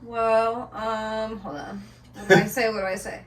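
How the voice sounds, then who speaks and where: A woman's voice: on the high side, little pitch movement, unhurried. A woman co-hosting a comedy podcast, giggling and laughing at herself in casual chat. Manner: giggly, self-deprecating. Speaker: podcast co-host. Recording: roomy sound, mic at a distance.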